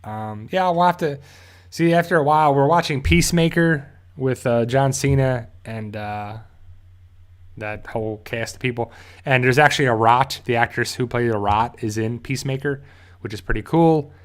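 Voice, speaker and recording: Man, live stream host, casual rambling chat, lots of fillers, average pitch. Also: moderate pace. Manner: rambling, many fillers and restarts.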